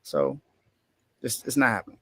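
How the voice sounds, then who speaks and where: A man arguing a point on a casual sports podcast, insistent and incredulous. He repeats himself often, in a mid-pitched voice. The recording is dry. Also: sing-song, normal speed, sharp tone, husky, dry recording.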